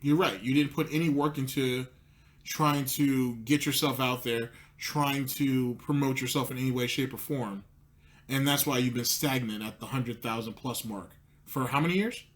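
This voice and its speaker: A man's voice: medium pitch, steady tone, moderate pace. Sarcastic, mocking male commentary host. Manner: mocking, profane, needling.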